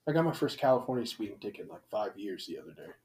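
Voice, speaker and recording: A man in casual chat, telling animated stories with heavy swearing. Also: fairly low pitch, rapid-fire. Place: Big Bear area, California.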